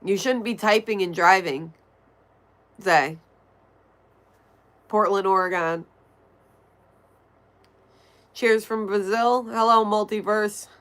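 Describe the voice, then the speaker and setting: A woman's voice: medium pitch, slow, pauses often, fairly bright tone. A woman with a nasal voice, chatting casually on a livestream and answering viewer messages as she reads them. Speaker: livestream host. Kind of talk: casual livestream chat, reading chat.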